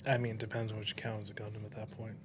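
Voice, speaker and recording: A man's voice: on the low side, completely flat delivery, very fast, a little hiss or hum. A man co-hosting a podcast in casual chat, speaking in a dry, matter-of-fact way with teasing asides. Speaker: podcast co-host.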